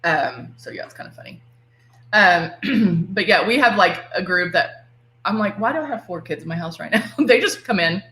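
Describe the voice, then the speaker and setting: A woman hosts a live makeup demo from home. She is chatty and giggly and greets viewers by name. Her voice is bright and ringing, and the room gives it a noticeable echo. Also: on the low side, animated, moderate pace. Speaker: livestream makeup presenter. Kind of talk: casual live demo chat.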